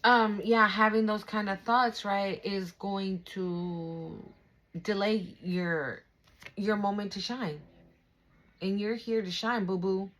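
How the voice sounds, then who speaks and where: A woman's voice: medium pitch, steady tone, slow, fairly bright tone, poor audio. A young adult woman giving a casual spiritual card reading, chatty and affirming, with fillers and swearing. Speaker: tarot reader.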